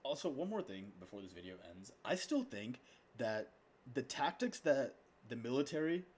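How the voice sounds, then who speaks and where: A man's voice: medium pitch, big pitch swings, moderate pace, a little mellow, a little hiss or hum. Young male streamer, slangy reaction talk, repeats himself for emphasis. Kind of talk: casual reaction commentary.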